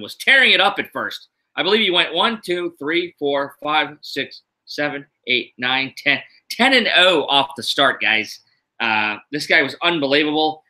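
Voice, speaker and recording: This middle-aged wrestling podcast host from the US East Coast chats casually on a live stream from his home room, rambling with many fillers, tired but upbeat. His voice sits a little high, bright and forceful, on a rough recording.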